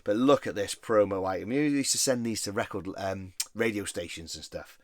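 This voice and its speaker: Lower-voiced man, chatty collector vlog, dry close recording. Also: normal speed, no echo. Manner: chatty, rambling, easily enthused. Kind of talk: casual show-and-tell vlog.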